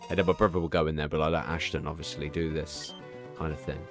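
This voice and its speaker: A man's voice: extremely low pitch, level tone, fast talker, music in the background. A man in his thirties chatting casually on a live stream, telling a candid, profane, rambling story full of restarts.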